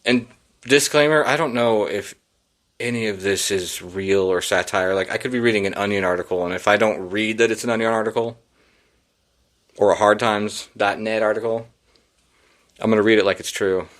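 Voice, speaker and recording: A man's voice: on the low side, normal speed, fairly bright tone. A man hosting a solo podcast, reading headlines and riffing on them in a sarcastic, profane, rambling way. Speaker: podcast host.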